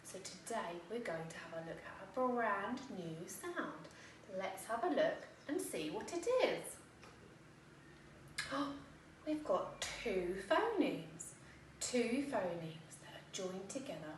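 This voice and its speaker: Slow, sing-song English woman teaching phonics. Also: medium pitch, lively intonation. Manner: slow, sing-song and encouraging, sounding words out. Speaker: infant school teacher. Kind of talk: phonics lesson for young children. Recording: echoey room, voice from a distance, faint background noise.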